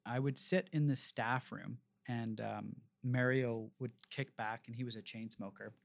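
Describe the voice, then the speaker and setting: A man's voice: mid-range voice, steady tone, measured pace, gravelly. A man in his forties, a restaurateur from Canada, telling long rambling stories in a casual interview, with plenty of fillers and restarts. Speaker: restaurateur guest.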